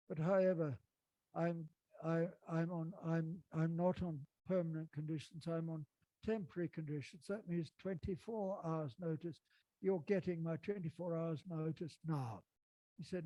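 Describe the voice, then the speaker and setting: Man, 70s, storyteller, dramatic delivery, warm tone, dry sound. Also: fairly high pitch, moderate pace, no echo, rough recording. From England. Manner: dramatic, animated storytelling with acted dialogue. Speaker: storyteller and poet. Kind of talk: poetry reading and anecdote.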